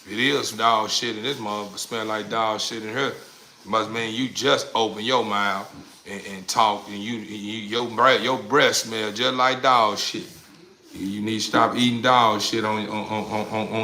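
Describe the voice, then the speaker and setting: A man's voice: fairly low pitch, sharp tone, slight background noise. A man in his forties ranting profanely to a live chat, rambling and repeating the same questions in crude slang. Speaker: livestreamer.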